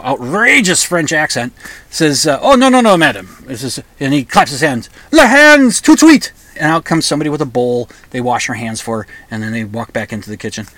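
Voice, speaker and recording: A man's voice: mid-range voice, a bit bright, no room sound. A middle-aged man hosting a rambling comedic monologue, digressing often and restarting his sentences with repeated words. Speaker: monologue host.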